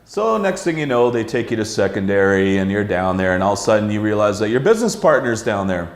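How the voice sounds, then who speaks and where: A man's voice: fairly low pitch, big pitch swings, fast talker. A middle-aged man from Canada hosting a casual talk show in a pub, rambling and swearing with many fillers. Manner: rambling, profane, lots of uh fillers. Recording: echoey pub room.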